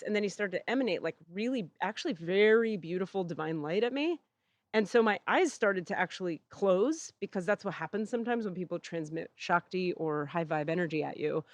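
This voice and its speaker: A woman hosting a podcast tells a story in casual chat, her voice medium-pitched. She acts out the people she quotes and swears freely. The dry recording was made outdoors in a back yard.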